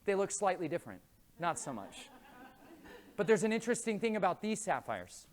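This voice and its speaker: Guy preaching at a conference, lively and jokey, voice jumping all over. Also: high voice, brisk. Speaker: conference speaker. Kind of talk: animated faith talk with storytelling. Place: conference room before a live audience.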